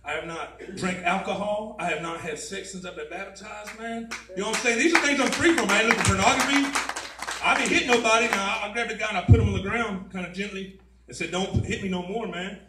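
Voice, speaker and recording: A fast-talking man with a high voice and a bright, forceful tone tells his personal testimony at a mission, keeping it conversational and repeatedly saying "man" and "you know what I mean." There's a little hiss or hum. He sounds distant in the echoey, spacious chapel hall.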